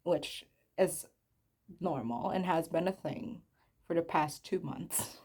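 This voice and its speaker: Young woman from the Philippines, low voice, casual vlog chat, giggly, self-conscious, rambling. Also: slow, darkish tone, slightly rough. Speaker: vlogger. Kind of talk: casual chat to viewers while crafting.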